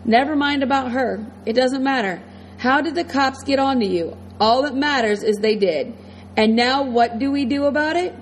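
A woman's voice: sits high, moderate pace, slight background noise, pitched above the performer's own voice, natural voice, rough recording. A woman reading a menacing ex-convict preacher. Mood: threatening.

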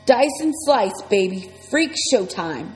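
A woman's voice: mid-range voice, big pitch swings, takes it slowly, a little mellow. A woman doing a taunting teen gang bully. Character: cruel, swaggering teenage gang leader boy. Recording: long reverb, faint music.

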